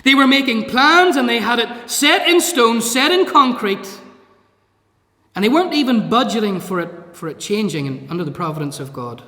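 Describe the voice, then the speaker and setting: A man preaching an emphatic sermon, throwing rhetorical questions at his hearers. His voice sits very high and rings bright and forceful. The recording carries the roomy echo and long reverb of a church hall. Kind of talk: evangelistic sermon.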